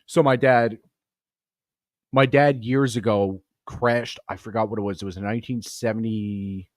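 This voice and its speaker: A man's voice: on the low side, fairly even intonation, normal speed, no echo, studio quality. A man with a Long Island accent, hosting a podcast and telling crude, rambling stories full of swearing. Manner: profane, rambling, swears a lot. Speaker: podcast host. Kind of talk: crude comedic storytelling.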